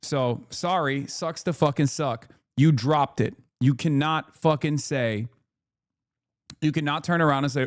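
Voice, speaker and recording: A man's voice: a little high, measured pace, dry recording, studio quality. Heated, profane man ranting. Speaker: streamer reacting to news. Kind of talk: political commentary stream.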